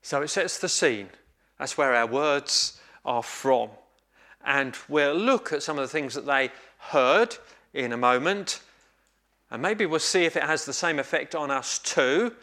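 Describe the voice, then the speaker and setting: A man preaching a sermon, telling a story in a measured, reflective way with pauses. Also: on the high side, animated, bright, forceful tone.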